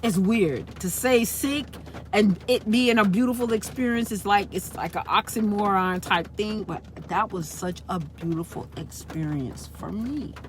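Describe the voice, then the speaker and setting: A woman's voice: medium pitch, unhurried, a little hiss or hum. A woman speaking in a casual, rambling spiritual monologue, repeating herself and tagging her points with "right?". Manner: rambling and repetitive, frequent "right?" tags. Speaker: spiritual channel host.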